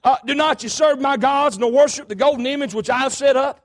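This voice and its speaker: A man's voice: extremely high pitch, brisk. A man voicing a stern male pagan king who threatens his captives in old-fashioned scripture phrasing.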